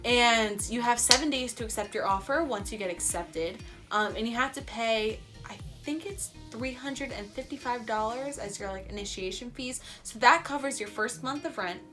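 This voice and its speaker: A young woman telling a story in a casual vlog, chatty and excitable, saying "like" often. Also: on the high side, moderate pace, hardly any pauses, music in the background. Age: young adult. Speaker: vlogger.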